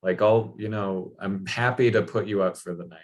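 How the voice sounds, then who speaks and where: A man casually quoting a friendly wounded king who invites a knight to his castle, slightly raising his low voice. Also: fairly even intonation, moderate pace, lightly acted. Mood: welcoming.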